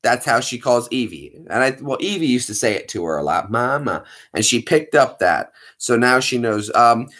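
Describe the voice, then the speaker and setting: Animated, chatty man live-streaming. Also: mid-range voice, moderate pace, hardly any pauses. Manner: chatty, animated, playful asides to viewers. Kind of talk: casual live-stream chat.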